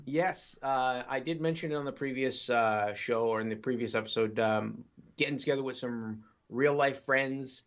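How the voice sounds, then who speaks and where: An easygoing man chatting on a gaming podcast, with a middle-of-the-road pitch. He rambles through his asides and chuckles often. The audio is dull and lo-fi. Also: normal speed. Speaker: podcast co-host. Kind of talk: casual podcast chat.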